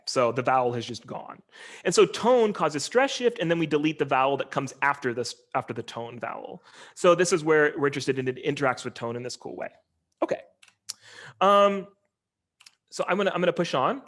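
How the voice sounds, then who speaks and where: Lecturing informally on linguistics over a video call, a man keeps things relaxed and chatty, peppered with ums and uhs. His voice has a medium pitch.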